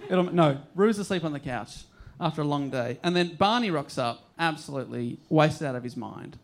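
A man with an Australian accent retelling a play's plot for laughs, animated and laughing through his lines. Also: a little high, moderate pace. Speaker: podcast co-host. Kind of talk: comedic story recap.

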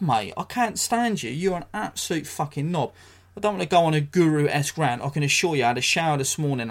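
Sweary English man hosting a podcast. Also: medium pitch. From England. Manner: blunt and sweary, ranting with dry jokes. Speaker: podcast host. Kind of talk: solo podcast commentary.

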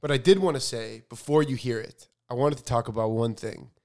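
A young man co-hosting a podcast in relaxed, rambling casual chat. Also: medium pitch, fairly quick. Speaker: podcast co-host.

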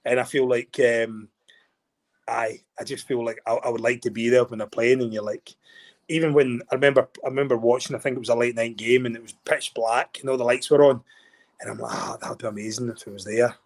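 Give me an animated Scottish man who gets worked up and repeats himself. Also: medium pitch, a little fast. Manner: excitable, animated, repeats words, restarts. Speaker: guest, former rugby player. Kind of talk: casual chat.

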